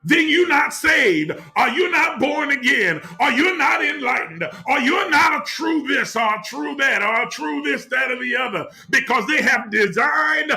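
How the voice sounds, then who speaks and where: A man teaching on the spiritual life in a preaching cadence, repeating phrases and rising to shouts. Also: very high-pitched, animated, normal speed, hardly any pauses.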